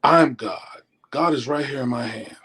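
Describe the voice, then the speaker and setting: A man's voice: mid-range voice, a little slow, slightly rough, poor audio. A middle-aged man, a former stockbroker, telling stories as an interview guest and acting out what people said. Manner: animated storyteller acting out quotes. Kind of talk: casual storytelling.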